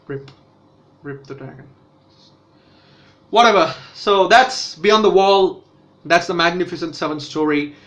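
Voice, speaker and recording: A man's voice: on the high side, a bit bright, lo-fi sound. A man casually reviewing a TV episode, rambling with fillers and restarts. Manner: rambling, many self-corrections and fillers. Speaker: TV show reviewer.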